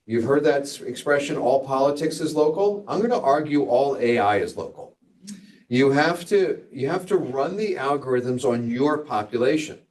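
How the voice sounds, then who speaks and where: Man, physician lecturer, conversational, wry asides, medium pitch, a bit distant from the mic. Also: expressive, moderate pace. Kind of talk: grand rounds lecture.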